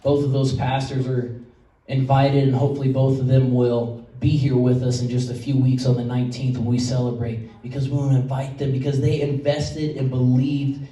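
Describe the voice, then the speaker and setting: In an echoey church sanctuary, recorded from far away, a pastor with a warm mid-range voice delivers a sermon at normal speed in a level tone. He speaks in a conversational, storytelling way and occasionally gets choked up.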